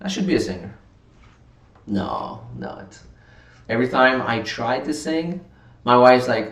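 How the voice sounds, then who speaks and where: A man's voice: mid-range voice, expressive, a little slow, pauses often, fairly bright tone, muffled recording. A man hosting a live trading stream in casual commentary, reading viewer chat aloud and reacting, sometimes getting worked up. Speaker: livestream trading host. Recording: roomy sound from a distant mic.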